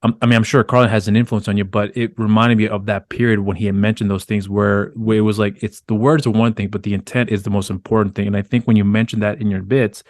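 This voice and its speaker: A man's voice: fairly low pitch, little pitch movement, fast talker, few pauses, no echo, studio quality. A man hosting a podcast interview, talking in loose, rambling sentences. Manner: rambling, many restarts and fillers. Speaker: podcast host. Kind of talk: casual interview chat.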